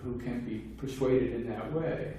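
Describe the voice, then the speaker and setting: A man's voice: mid-range voice, unhurried, dark tone, dull audio. A man giving a conversational academic lecture on philosophy, explaining at length with wry, casual asides. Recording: very echoey room, distant mic, faint noise.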